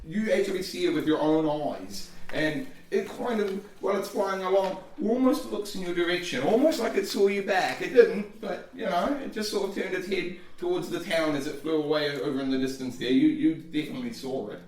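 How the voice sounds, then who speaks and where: A man running a tabletop game as dungeon master, describing scenes in a relaxed, rambling way with fillers. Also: high-pitched, a little fast, hardly any pauses. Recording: echoey room, distant mic.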